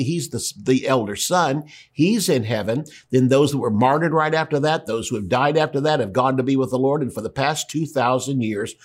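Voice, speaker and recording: A man pastor teaching through scripture in a plain, explanatory sermon voice, reading verses aloud. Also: mid-range voice.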